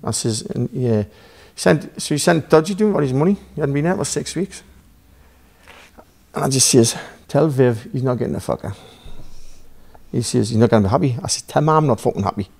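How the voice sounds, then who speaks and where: Geordie man, guest on a podcast, gravelly voice, rambling, profane storyteller who quotes both sides of a row. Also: medium pitch, expressive, brisk, darkish tone. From Newcastle, England. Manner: rambling, swearing, acts out dialogue. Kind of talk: casual storytelling.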